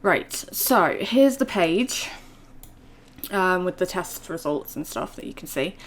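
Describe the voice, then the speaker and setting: A woman's voice: fairly low pitch, lively intonation, slow. A woman chatting casually to her viewers in a vlog, rambling with plenty of fillers. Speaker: vlogger.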